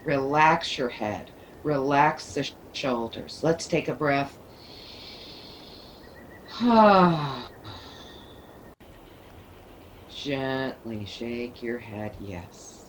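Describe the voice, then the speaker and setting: A woman leading a yoga class, giving calm, soothing cues. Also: very deep voice, takes it slowly, a little hiss or hum, low-quality recording. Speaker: yoga teacher. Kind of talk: guided yoga instruction.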